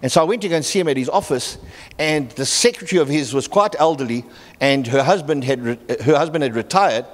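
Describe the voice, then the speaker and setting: A middle-aged man preaching a sermon, telling stories with halting restarts and acting out the people in them. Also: a little high. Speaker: pastor. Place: church hall. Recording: long reverb in a church hall.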